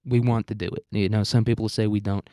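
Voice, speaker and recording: A young man with a rambling, crude, deadpan manner, ranting satirically as a podcast host on a close microphone. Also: fairly low pitch, fast talker, no echo. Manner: rambling, crude, deadpan provocative, many restarts. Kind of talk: satirical comedic rant.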